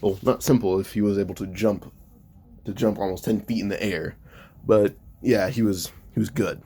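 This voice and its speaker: A man's voice: fairly low pitch, fairly even intonation, normal speed, mellow, a little hiss or hum. A man casually narrating a fan-made story in a loose, stumbling way, often correcting himself mid-sentence.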